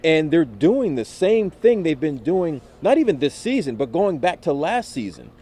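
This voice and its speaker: A male sports reporter from Connecticut in a casual post-game chat, talking in an animated, rambling way and cutting himself off mid-sentence, recorded outdoors at a football stadium. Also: a little high, moderate pace, husky. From Connecticut, USA. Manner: animated, rambling, self-interrupting.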